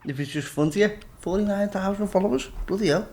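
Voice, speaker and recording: Laughing boxer telling a story. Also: male voice, sits high, fast, darkish tone. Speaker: professional boxer, podcast guest. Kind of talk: casual anecdote. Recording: noticeable background noise.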